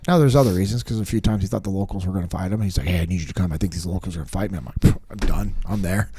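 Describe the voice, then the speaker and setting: A man's voice: sits low, racing, noisy background. A man telling a personal story in casual podcast chat, acting out what people said, with plenty of fillers. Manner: animated storyteller, acts out quotes, many fillers. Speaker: podcast guest. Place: podcast studio.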